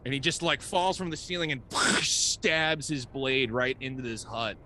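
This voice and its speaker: A man's voice: mid-range voice, fairly even intonation, normal speed, sharp tone, a little hiss or hum. A man running a tabletop game as game master, narrating loosely with frequent laughs and fillers.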